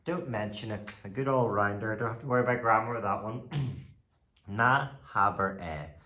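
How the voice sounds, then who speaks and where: A man teaching a language lesson, saying each phrase and then repeating it slowly for the listener. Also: on the low side, sharp tone, reverberant, muffled recording.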